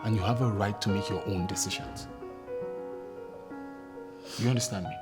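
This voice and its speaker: An actor with a Nigerian accent playing a friend who gives calm, firm reassurance. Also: male voice, on the low side, moderate pace, natural voice. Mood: reassuring. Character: supportive, blunt male friend. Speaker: friend giving advice. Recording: loud music under the dialogue. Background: film score.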